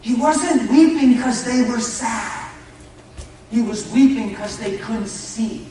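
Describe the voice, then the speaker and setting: Passionate preacher in an echoey hall. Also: male voice, extremely high pitch, slow. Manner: passionate, swings from shouting to hushed intensity; folksy, addresses listeners as "brother". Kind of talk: sermon. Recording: echoey hall, mic far off, faint noise.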